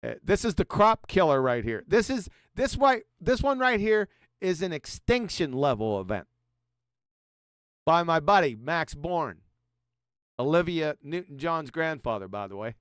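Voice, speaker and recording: Sarcastic, high-pitched combative man. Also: sing-song, moderate pace, a bit bright, clear, resonant tone, dry recording, studio quality. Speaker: host. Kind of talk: reading and mocking quotes on a livestream.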